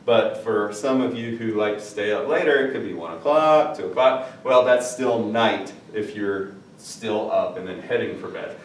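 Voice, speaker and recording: A man's voice: on the low side, moderate pace, slight background noise. A male Spanish teacher giving a recorded lesson in a chatty way, repeating phrases and checking in with his listeners. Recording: echoey room, mic at a distance.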